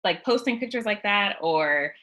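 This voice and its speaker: A woman's voice: mid-range voice, expressive, moderate pace, sharp tone. A woman interviewing a guest in a casual, encouraging way, chatty with many likes and fillers.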